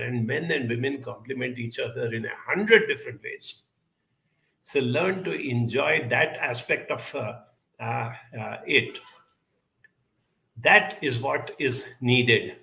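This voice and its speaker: A man giving a measured, earnest self-help talk, pausing often with fillers as he answers viewer questions. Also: medium pitch, gravelly, pushed and bright, echoey room, poor audio. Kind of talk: reflective talk.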